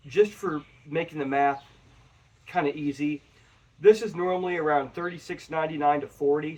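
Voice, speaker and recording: A man talking to his viewers in a rambling, chatty whiskey review. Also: fairly high pitch. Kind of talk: casual review vlog. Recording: voice a bit far from the mic.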